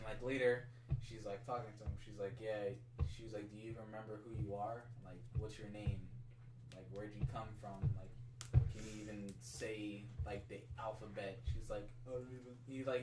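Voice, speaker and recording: A man's voice: on the low side, distant mic, very noisy. Rambling man retelling a story, echoey. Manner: rambling, full of "like" and swearing. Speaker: co-host. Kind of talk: casual chat, retelling a story.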